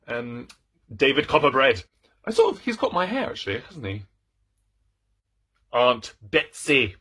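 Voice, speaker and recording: A man's voice: mid-range voice, wildly swooping pitch, unhurried, long pauses, bright, forceful tone, slightly rough. A man in his thirties chatting playfully about books on his channel, theatrical and self-mocking. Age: 30s. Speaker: book vlogger. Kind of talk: casual chat about books.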